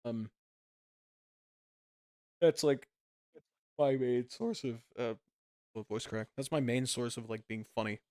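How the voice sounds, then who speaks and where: A man's voice: medium pitch, slow pace, pauses often, no room sound, studio quality. A man, a podcast co-host, telling stories in casual chat and laughing often. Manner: animated storytelling, laughs often.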